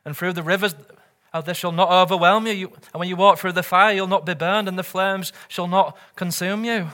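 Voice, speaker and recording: A male pastor with a bright, somewhat high voice and a British or Commonwealth accent preaches a sermon earnestly, a little fast, with fairly even intonation. He keeps turning statements into rhetorical questions, swelling louder on scripture and dropping nearly to a murmur as phrases end.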